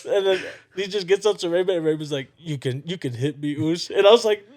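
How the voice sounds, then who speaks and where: A young man with a higher voice tells a story at an excitable pace. His voice climbs when he laughs, and he jumps between acting out lines and cracking up. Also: brisk, few pauses. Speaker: podcast co-host. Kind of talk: casual chat.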